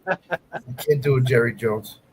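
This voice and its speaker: A man's voice: medium pitch, a little slow, a little mellow, a little hiss or hum, lightly acted, poor audio. A man impersonating a stubborn older male football team owner, attempting a Southern drawl in a defiant, folksy tone.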